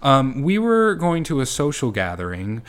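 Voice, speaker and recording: A young man co-hosting a podcast in casual chat with his wife, talking in an even, low-key way. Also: normal speed, clean tone. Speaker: podcast co-host.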